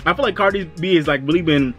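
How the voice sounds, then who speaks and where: A man giving a casual, chatty review of an awards show, loose and quick, slipping into high-pitched voices to act out reactions. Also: fairly bright tone, breathy edge, highs cut off, soft background music.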